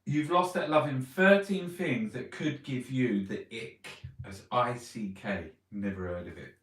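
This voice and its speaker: A vlogger reviewing newspapers reads the headlines aloud and rants about them, swearing and mocking. His mid-range voice is a bit bright and measured in pace, set back from a distant mic in a room with a roomy echo.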